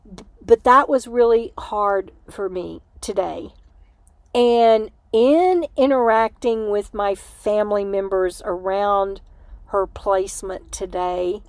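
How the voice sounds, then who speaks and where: A tired woman hosting her own livestream, talking in a reflective, halting way and laughing often. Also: medium pitch, no echo. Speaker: livestream host. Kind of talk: casual personal chat.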